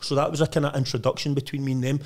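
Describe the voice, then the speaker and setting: A Lanarkshire man in his thirties talks at a brisk clip with a middle-pitched voice. He tells his stories in a blunt, boastful way and peppers nearly every sentence with swearing. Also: level tone. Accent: Scottish, Lanarkshire. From Lanarkshire, Scotland. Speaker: estate agent, podcast guest. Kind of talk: casual storytelling chat.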